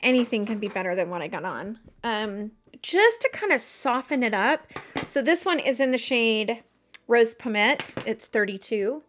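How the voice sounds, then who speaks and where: A woman's voice: on the high side, sing-song, moderate pace, a bit bright, slight background noise. A woman chatting casually while doing her makeup for a get-ready-with-me video, chatty and self-mocking. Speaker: beauty vlogger.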